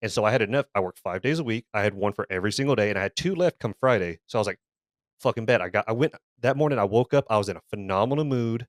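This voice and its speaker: A man's voice: fairly low pitch, lively intonation, rapid-fire, no echo, studio quality. A man co-hosting a podcast, telling a workplace story casually, swearing often and restarting and repeating his words as he gets worked up. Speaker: podcast co-host.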